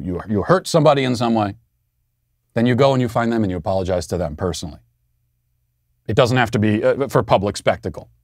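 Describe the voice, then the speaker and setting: A man's voice: medium pitch, no echo, studio quality. A man in his thirties hosting an opinion podcast, talking in a defiant, sarcastic and emphatic way. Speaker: podcast host. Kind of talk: opinion commentary monologue.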